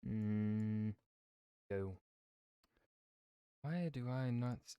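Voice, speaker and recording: A man's voice: on the low side, a little slow, dry recording, studio quality. Offhand muttering male streamer. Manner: mutters and hums to himself, swears, flat offhand complaints. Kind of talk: casual live-stream chat while gaming.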